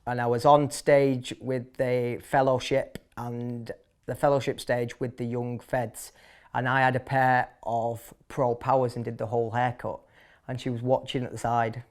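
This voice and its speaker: A man in his thirties from Manchester, with the accent to match, is a barber and shop owner interviewed casually about his story. His medium-pitched voice is clear and resonant, flat in delivery and measured in pace, and he's blunt and talkative with frequent fillers and restarts.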